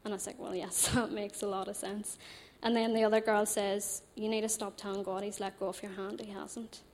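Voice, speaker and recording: A young Northern Irish woman telling a personal faith story in a chatty, animated way, laughing often. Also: mid-range voice, brisk.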